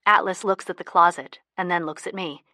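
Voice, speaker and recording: A woman narrating a first-person audiobook in a soft, intimate manner, close to the mic. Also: lowish voice, a little fast, no room sound.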